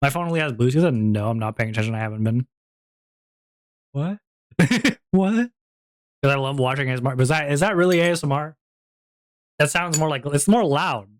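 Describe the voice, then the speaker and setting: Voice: mid-range voice, fairly quick, long pauses, no room sound. A streamer in casual stream chat, playful and rambling, with frequent giggles, talking into a home streaming mic.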